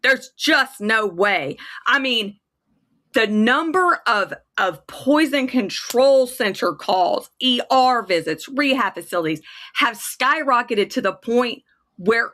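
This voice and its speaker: A kratom advocate on a livestream, a woman angrily vents in casual chat, worked up and profane. Her slightly high voice is animated, slow, pushed and bright.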